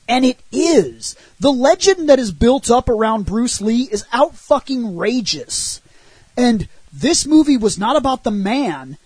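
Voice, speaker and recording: A man on a podcast, casually and animatedly recounting a movie's plot and arguing for it, with a husky voice and loose swearing. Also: extremely high pitch, measured pace, no room sound, rough recording. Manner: animated retelling with frequent swearing. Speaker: podcast co-host reviewing a film. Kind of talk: casual film discussion.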